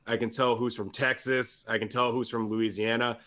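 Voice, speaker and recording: A man chatting as a guest on a call, easygoing and quick to laugh. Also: medium pitch, level tone, a bit bright. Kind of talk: casual chat on a call.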